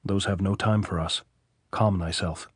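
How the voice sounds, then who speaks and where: A man voicing a calm, steady male demolition expert in an audiobook, reassuring and level. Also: low-pitched, a little slow, husky, no echo, clean studio sound.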